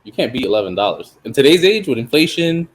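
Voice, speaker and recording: A man's voice: medium pitch, very animated, fast talker, a little hiss or hum. A young man co-hosting a podcast, talking in a laid-back casual way and often asking "you know what I'm saying". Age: young adult. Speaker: podcast co-host. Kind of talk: casual chat.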